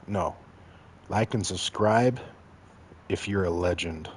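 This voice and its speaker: A man with a lowish voice chats his way through a game stream, cracking jokes and talking directly to his viewers. He is from Mexico and keeps things loose and casual, with a faint hum of background noise. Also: slow. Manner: joking, chatty, talks straight to chat. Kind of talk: casual gameplay commentary.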